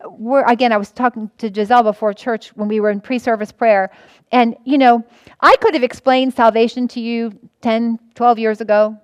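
High-voiced woman preaching with earnest repetition. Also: steady tone, normal speed, clean tone, no room sound. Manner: earnest, repeats herself, frequent restarts. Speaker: pastor. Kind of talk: sermon teaching.

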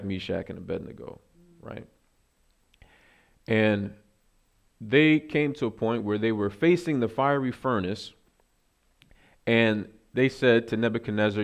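Gravelly-voiced man preaching casually. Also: on the low side. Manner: casual, self-deprecating, many fillers and asides. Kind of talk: conversational sermon.

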